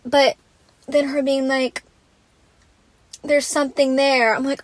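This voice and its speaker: A woman's voice: high-pitched, level tone, slow, pauses often. A young woman hosting a solo podcast, ranting in an exasperated, casual way, swearing freely and saying "like" constantly. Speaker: podcast host.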